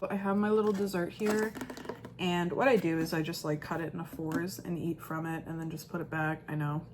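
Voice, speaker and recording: A mother in her thirties talks through her day in a casual home vlog, rambling and restarting her sentences. Her voice sits low for a woman, with faint noise in the background. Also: level tone, fairly quick. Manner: rambling, filler-heavy, self-correcting. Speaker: vlogger, mother.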